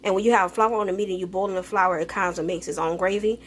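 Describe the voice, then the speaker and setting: A woman's voice: medium pitch, fairly even intonation, quick pace, slight background noise. A woman chatting casually through a home cooking vlog, folksy and talking straight to viewers. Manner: chatty, folksy, calls viewers baby and y'all.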